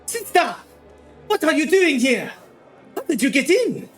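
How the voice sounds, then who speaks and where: A man's voice: high voice, big pitch swings, normal speed, soft background music. A man voicing an anxious, fussy young nobleman scolding his sister, stammering. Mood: alarmed. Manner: flustered, stammering.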